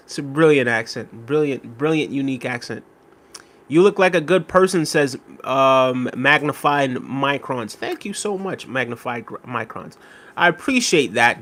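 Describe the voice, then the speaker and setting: A man's voice: mid-range voice, fairly bright tone. A man hosting a casual live stream, reading viewer comments aloud and thanking them by name. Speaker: livestream host reading chat.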